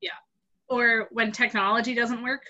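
An adult woman telling a Bible story to kids and leading a group talk, acting out the characters with a lively voice. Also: fairly high pitch, normal speed, lo-fi sound. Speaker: youth group leader.

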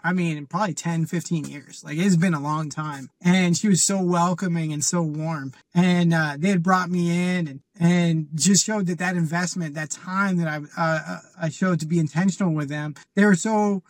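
A man, a podcast guest, telling a personal story in an earnest, halting way with fillers and restarts. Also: a little high, fairly even intonation, no room sound. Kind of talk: casual storytelling.

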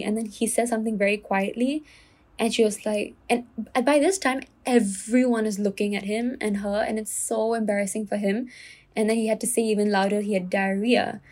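A young Singaporean woman hosts her own casual solo podcast, speaking directly to the listener in a medium-pitched, slightly mellow voice with a clearly audible Singaporean English accent. She tells her story earnestly, filling it with lots of "like" and restarts.

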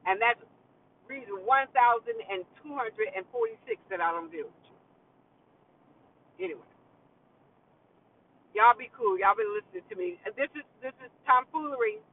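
A man's voice: sits high, animated, moderate pace, pauses often, far from the mic, narrow, tinny audio, slight background noise. A man vlogging to his followers in a blunt, preachy straight-talk monologue, repeating lines for emphasis.

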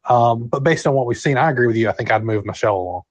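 A man's voice: medium pitch, rapid-fire, breathy edge, no room sound, highs cut off. A man co-hosting a casual podcast, chatting enthusiastically and acting out quotes as he talks. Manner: enthusiastic, talkative, acts out quotes. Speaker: podcast co-host. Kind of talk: casual chat.

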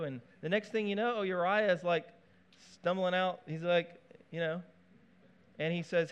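A man preaching a sermon in a conversational, animated way, with asides and playful touches. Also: high-pitched, unhurried, clean tone, muffled recording. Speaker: pastor.

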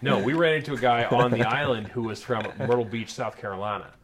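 A man's voice: medium pitch, fairly even intonation, brisk, crowd noise. A young man co-hosting a casual podcast, rambling and self-deprecating with many fillers. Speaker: podcast co-host.

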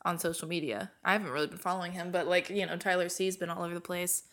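A woman's voice: fairly low pitch, steady tone, a bit bright. A woman co-hosting a casual chat podcast, joking playfully and riffing along with her partner. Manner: playful, quick to joke and giggle along. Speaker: podcast co-host.

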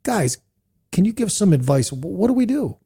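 Middle-aged male podcast host, gravelly and dark-toned, playful and animated. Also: high-pitched, moderate pace. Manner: animated, playful, asks rhetorical questions. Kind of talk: church podcast discussion.

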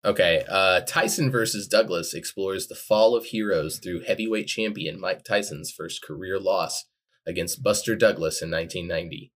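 A man's voice: low voice, moderate pace, fairly bright tone. A man co-hosting a podcast, chatting casually, reading descriptions aloud, and making dry teasing remarks. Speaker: podcast co-host.

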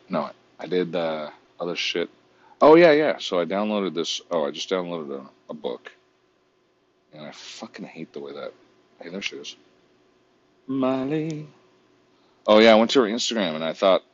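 A man's voice: sits low, breathy edge, no room sound, highs cut off. A man vlogging in a casual, rambling, profane way while browsing online, often mocking himself.

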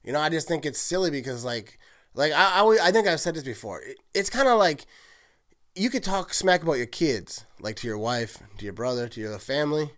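A man hosting a solo sports podcast, rambling and excited, often correcting himself and laughing at his own slips. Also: on the high side, a little fast. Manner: rambling, heavy use of "like", self-correcting. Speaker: podcast host.

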